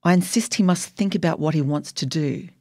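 A woman's voice: sits low, fairly quick, a little mellow, dry recording, studio quality. A woman narrating her memoir in a wry, emotionally charged audiobook reading.

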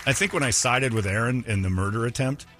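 A man's voice: medium pitch, quick pace, a bit bright, faint music behind. A man hosting a radio show, telling a long rambling story in a casual, anecdotal way with restarts and asides.

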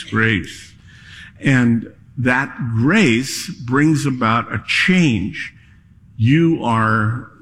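A man preaching a sermon as pastor, with measured, emphatic delivery in a church. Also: medium pitch, breathy edge. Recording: long hall reverb.

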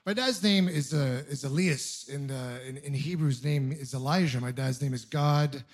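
A man's voice: mid-range voice, moderate pace. A man from Ontario performing a stand-up comedy routine, telling self-deprecating stories with punchy timing. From Ontario, Canada.

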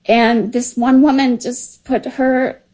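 Slow, husky woman telling a memory. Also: high-pitched, level tone, darkish tone, rough recording. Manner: slow, emotional, halting. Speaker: story contributor. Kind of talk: personal storytelling.

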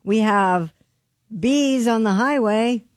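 A woman's voice: fairly high pitch, takes it slowly, dry recording, clean studio sound. A woman co-hosting a radio show, reading news teasers and ribbing the others in an upbeat way. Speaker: radio co-host and news reader. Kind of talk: casual radio banter.

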